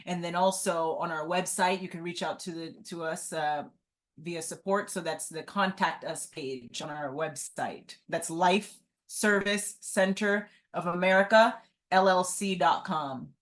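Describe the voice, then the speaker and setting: A woman's voice: on the low side, unhurried. A woman guest on an interview podcast, talking earnestly and often adding "right?" to her points. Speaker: guest, entrepreneur. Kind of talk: casual interview talk.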